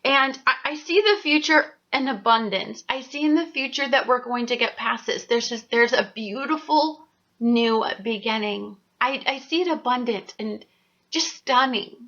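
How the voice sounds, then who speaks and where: A high, bright-voiced woman talks straight to her viewers about astrology and tarot, blunt and profane, and her talk keeps flaring into heated outbursts. The sound is dull and lo-fi. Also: normal speed. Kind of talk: ranting spiritual vlog.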